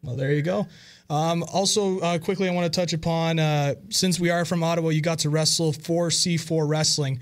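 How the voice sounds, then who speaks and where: A man's voice: fairly high pitch, fairly even intonation, moderate pace. A man from Canada, politely interviewing with many hesitations. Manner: polite, hesitant, filler-heavy. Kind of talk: casual interview.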